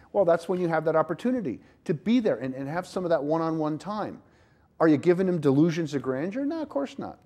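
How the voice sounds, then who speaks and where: A man's voice: a little high, animated, quick pace, mellow. A middle-aged man hosting a talk show, giving earnest, folksy parenting advice with frequent restarts.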